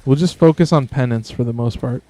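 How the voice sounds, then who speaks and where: A man hosting a game stream, chatting in a laid-back way with bursts of excitement. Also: medium pitch, brisk, no echo. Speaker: streamer host. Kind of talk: gameplay commentary.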